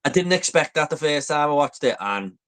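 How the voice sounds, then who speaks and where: A man's voice: a little high, lively intonation, fairly quick, fairly bright tone. Hesitant man musing about movies. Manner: hesitant, trailing off, lots of ums and tag questions. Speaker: movie podcast co-host. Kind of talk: casual film chat.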